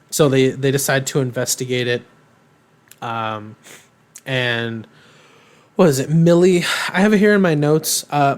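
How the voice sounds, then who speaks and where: A young man co-hosting a podcast, casually recapping a cartoon in a rambling, filler-heavy way. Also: medium pitch. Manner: rambling, filler-heavy, animated retelling with quoted voices. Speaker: podcast co-host.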